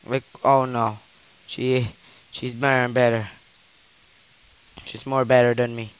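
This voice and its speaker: A man's voice: medium pitch, flat delivery, unhurried, clean tone, poor audio. A teenage male gaming host reacting live to his mobile game with gasps and repeated exclamations, speaking loosely with shaky grammar. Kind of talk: live gameplay commentary. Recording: faint hiss.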